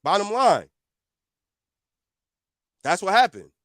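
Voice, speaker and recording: Man, high voice, very lively pitch, confrontational reaction commentary, dry close mic. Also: slow pace, dry recording. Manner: animated, confrontational, repeats points.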